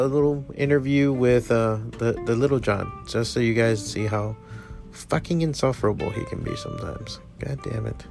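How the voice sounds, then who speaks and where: A middle-aged man hosting his own podcast from his studio, rambling casually and swearing freely with self-deprecating humor. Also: medium pitch. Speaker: podcast host, comic shop owner. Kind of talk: casual solo podcast talk.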